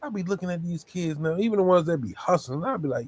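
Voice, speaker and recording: A man's voice: sits high, expressive, fast talker, darkish tone. A man co-hosting a podcast, chatting casually and joking, often repeating his phrases. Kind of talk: casual chat.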